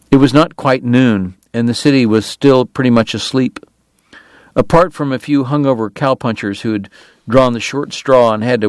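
A man reading a novel aloud in measured, deliberate narration. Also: mid-range voice, no room sound. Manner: measured, deliberate, pausing on lists. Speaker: audiobook narrator.

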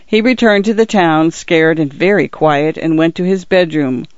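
A man narrating an audiobook as a measured, steady reader. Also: a little high, clean tone, dry recording. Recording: dry, somewhat muffled recording.

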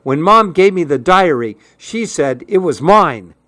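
A man reading a story aloud and voicing a defiant young child who stands up to the parents, in a steady, stubborn voice. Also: a little high, a little slow, no room sound, voice pushed up.

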